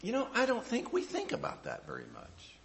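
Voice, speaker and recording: A man's voice: very high voice, huge pitch swings, fairly quick, gravelly, a little hiss or hum. A middle-aged male pastor preaching a sermon with folksy, self-deprecating stories. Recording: echoey room.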